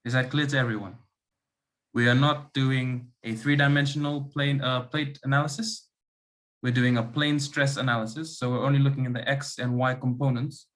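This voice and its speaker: A man's voice: medium pitch, flat delivery, normal speed, fairly bright tone. A man running an online engineering lab class, explaining concepts step by step and often checking in with "okay" and "right". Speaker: lab demonstrator.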